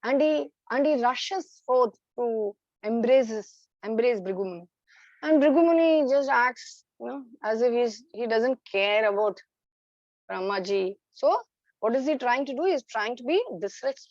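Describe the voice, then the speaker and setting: A woman's voice: on the high side, dry recording, dull audio. A woman teacher telling a story to children in an online class, hesitant with many fillers.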